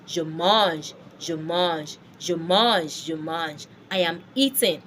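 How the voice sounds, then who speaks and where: A woman's voice: lowish voice, slow pace, few pauses, a bit bright, a little hiss or hum. A woman teaching French pronunciation, patient and drilling each word over and over for learners to repeat. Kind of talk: language lesson.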